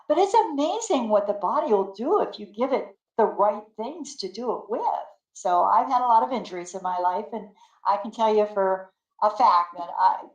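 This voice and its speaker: An older woman spins homey anecdotes with gusto, her voice mid-pitched and lively as she acts out what everyone said. She laughs easily between lines. The sound carries the echo of a bare room. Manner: animated storyteller acting out quotes, laughing often. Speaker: guest. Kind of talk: casual storytelling interview.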